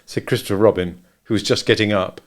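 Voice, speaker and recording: A man reading a children's storybook aloud in a lively, expressive way. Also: on the low side, fast talker.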